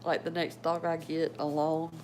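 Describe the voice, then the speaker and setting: A woman's voice: low voice, flat delivery, normal speed, darkish tone, slight background noise, poor audio. A woman, rambling casually about her pets at home and talking to them as she goes. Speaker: pet owner showing her animals. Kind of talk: casual home video chat.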